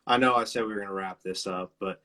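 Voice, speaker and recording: A man's voice: low-pitched, steady tone, fast talker, bright, forceful tone. Laid-back rambling man hosting a chat. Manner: rambling, laughs a lot, loose swearing. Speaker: interview host. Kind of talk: casual video chat. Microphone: video call.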